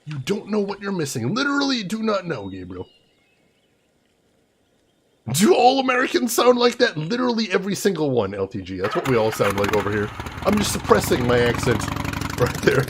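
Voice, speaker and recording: A man's voice: fairly high pitch, very animated, fast, background noise. A young man doing playful, chatty commentary on a live game stream, greeting viewers by name. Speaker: livestreamer. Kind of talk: casual game livestream commentary.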